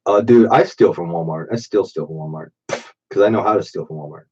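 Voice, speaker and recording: A man in his late thirties rambles through profane stories on a late-night stream. His voice is low, dark and husky, thickened by a stuffy allergic nose. It comes through a dull, muffled default mic. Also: fairly quick. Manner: profane, rambling, drinking while talking. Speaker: live-stream host.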